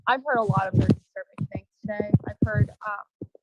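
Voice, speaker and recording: A woman giving public comment over a video call, earnest and hesitant, with many pauses and ums. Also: medium pitch, dull audio, very noisy.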